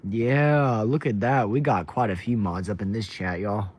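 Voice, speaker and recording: A man's voice: lowish voice, moderate pace, darkish tone, slightly rough. A young man from Texas, casually chatting on a livestream, reading viewer comments aloud and greeting people by name. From Texas, USA. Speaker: livestream host.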